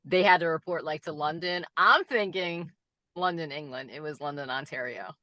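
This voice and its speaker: A podcast co-host in casual chat, chiming in with quick questions, asides and frequent giggles. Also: medium pitch, bright, forceful tone, no room sound.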